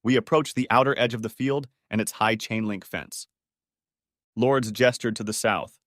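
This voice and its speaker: A man narrating an audiobook in the first person at a medium pitch. He reads steadily, with a dry, close sound and no room around the voice. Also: fairly even intonation, normal speed, a bit bright, no echo.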